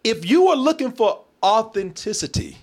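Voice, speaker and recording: A man with a high, very bouncy voice, talking loosely about a film and breaking into laughter. He swears freely and slips into mock voices to make a point. The delivery is loose, comic chat rather than a polished review. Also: very animated, moderate pace. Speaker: movie reviewer. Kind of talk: casual comedic movie review chat.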